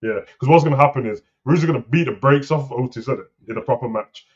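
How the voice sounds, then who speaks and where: A man co-hosting a wrestling talk show, rambling and animated in casual slang. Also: mid-range voice, fast. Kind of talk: casual chat. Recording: slightly dull lo-fi sound.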